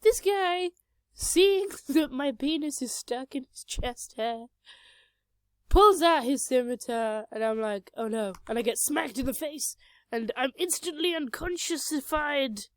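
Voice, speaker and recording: High-voiced young woman telling a game story. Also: lively intonation, a little slow, dry recording. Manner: rambling, self-mocking, crude jokes. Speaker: storyteller recounting a tabletop game. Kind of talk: casual narrated storytelling. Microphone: cheap home microphone.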